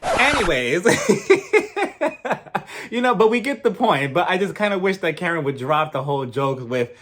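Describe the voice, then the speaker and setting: A man giving a casual, gossipy recap of a reality show, opinionated and animated, often breaking into laughs. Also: on the high side, normal speed.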